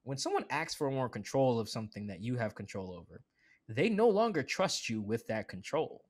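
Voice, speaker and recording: A man talking as a guest on a sports podcast, in a casual, animated way full of asides and "like" fillers. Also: mid-range voice. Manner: animated, quick asides, acts out quoted voices; conversational with frequent "like" fillers.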